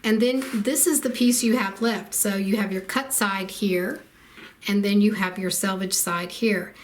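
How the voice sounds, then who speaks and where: A woman's voice: mid-range voice, steady tone, measured pace, slight background noise. A middle-aged woman giving a casual quilting tutorial, explaining each step plainly with frequent ums. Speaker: quilting instructor.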